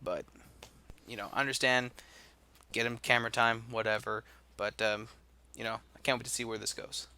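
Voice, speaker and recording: A man's voice: mid-range voice, flat delivery, moderate pace, pushed and bright, smooth. A man co-hosting a wrestling podcast, giving opinions with a dry, teasing manner. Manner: dry, teasing, short reactions. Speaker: podcast co-host. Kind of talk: casual wrestling recap chat.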